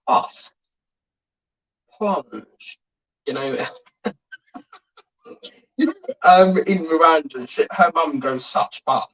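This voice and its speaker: A man's voice: on the high side, fairly bright tone, muffled recording. A man hosting a model-building livestream, chatting in a rambling way and reading out viewer comments. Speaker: model-kit livestream host. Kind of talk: rambling casual livestream chat.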